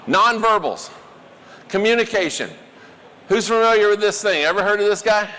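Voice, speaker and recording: A man giving a live workshop talk, animated and quizzing the audience. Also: high voice, moderate pace, big-room sound, slight background noise. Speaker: workshop presenter.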